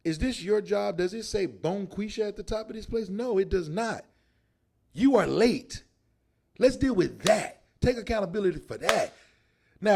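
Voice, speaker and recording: A male podcast host lectures emphatically, sometimes shouting for effect. His voice is high for a man, gravelly, and swings widely in pitch. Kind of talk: animated monologue.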